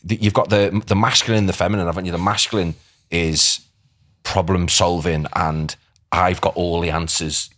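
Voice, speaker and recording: Enthusiastic coach, fairly low voice. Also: male voice, fairly even intonation, normal speed, fairly bright tone. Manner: enthusiastic, agreeable, with frequent yeahs. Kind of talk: casual chat.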